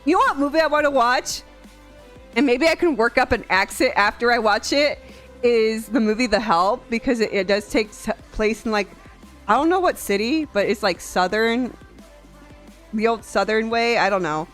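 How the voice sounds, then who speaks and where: A young woman streamer chatting casually on a live stream, animated and quick to laugh, swearing freely. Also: fairly high pitch. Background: faint music.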